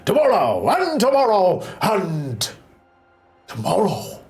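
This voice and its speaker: A streamer voicing a grandiose herald who proclaims a mock decree in a theatrical, booming way. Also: wildly swooping pitch, takes it slowly, a little mellow, soft background music, full character voice. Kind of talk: live stream banter.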